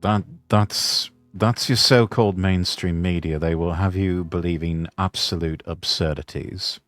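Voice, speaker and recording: A man hosting a casual stream chat, making deadpan, mock-formal remarks. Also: deep voice, a little slow, dry recording, faint music behind. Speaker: streamer host.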